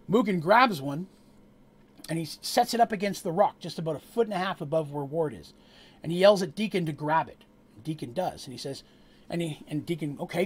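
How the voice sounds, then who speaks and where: Husky game master narrating adventure. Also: male voice, on the high side. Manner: animated storytelling with asides to players.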